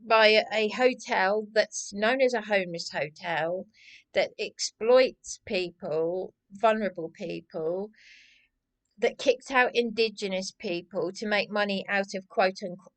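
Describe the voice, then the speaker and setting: A woman's voice: mid-range voice, unhurried. An agitated woman, vlogging in a rambling personal monologue that keeps circling back and restarting. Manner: agitated, repetitive, restarts often.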